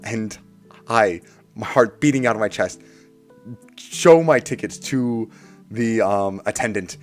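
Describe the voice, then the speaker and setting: Excitable streamer guy, fairly low voice, theatrical repeats, faint music bed. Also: unhurried. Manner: excitable and animated, swinging from hushed to loud bursts; playfully theatrical, repeats lines for effect. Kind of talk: casual storytelling to a live stream.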